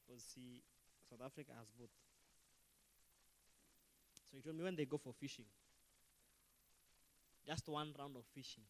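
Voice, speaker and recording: A man preaching a sermon as pastor, animated and shifting between quiet asides and loud outbursts. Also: medium pitch, in a large hall.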